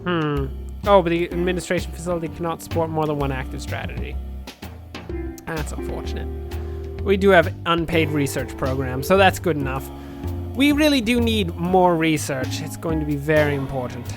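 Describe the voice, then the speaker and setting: A man's voice: on the high side, animated, normal speed. Man, let's play commentary, dry sarcastic humor, faint music behind. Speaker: gaming channel host.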